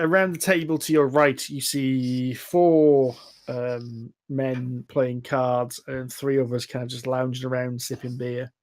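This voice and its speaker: A man narrates a tabletop game as its game master. His voice sits at an ordinary middle pitch. He describes each scene in a halting way over an online call, often stopping and restarting his sentences. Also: a little mellow.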